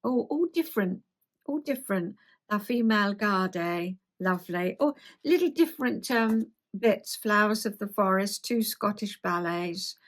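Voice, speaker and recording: A woman's voice: medium pitch, lively intonation, a little slow. A woman in her seventies with a London accent, reading her own memoir aloud and breaking off into rambling, self-deprecating asides. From South East England. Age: 70s. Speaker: host.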